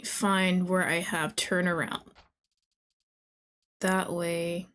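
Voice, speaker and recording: A young woman streaming a game, talking to the characters, excitable and often laughing or swearing. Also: lowish voice, extremely slow. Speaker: VTuber streamer. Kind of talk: casual gameplay commentary.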